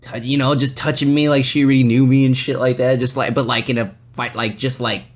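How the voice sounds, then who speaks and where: A man's voice: mid-range voice, level tone, brisk. Rambling, foul-mouthed male podcast host. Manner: loose and rambling, swears a lot; acts out other people's lines in quoted voices. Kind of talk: casual storytelling chat.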